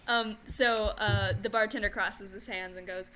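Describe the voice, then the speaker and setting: A woman's voice: mid-range voice, steady tone, moderate pace, over a noisy crowd. A woman narrating a tabletop game as game master, loose and giggly, voicing the other characters. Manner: giggly, loose, frequent laughter.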